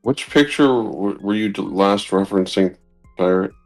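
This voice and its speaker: Very low voiced guy hosting a stream, short questions, faint music. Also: normal speed. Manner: asks short follow-up questions. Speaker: stream host. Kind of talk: casual chat.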